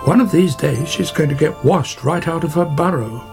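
A man's voice: fairly high pitch, normal speed, gravelly, music in the background. A man doing a chatty friendly otter.

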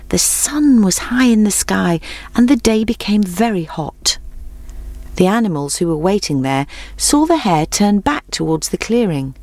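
Female storybook narrator, lowish voice, measured and clear, dry booth sound. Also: darkish tone, no echo.

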